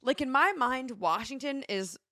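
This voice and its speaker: A woman co-hosts a morning radio show in a teasing, lively way, reading listener texts aloud between jokes. Her voice is bright and forward, recorded close and dry in a studio with no room echo. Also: high-pitched, a little slow. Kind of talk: casual morning-show banter.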